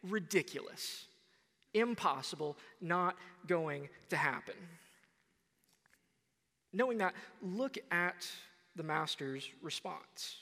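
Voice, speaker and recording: A young man preaching a sermon, retelling a parable in a conversational, animated way. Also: sits high, slow, long reverb tail. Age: young adult.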